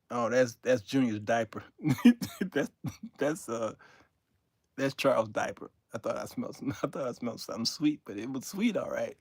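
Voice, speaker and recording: An older man hosting his own show, telling a comic story to his viewers in an animated way and laughing through his own punchlines. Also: mid-range voice, dry recording, studio quality. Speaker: show host.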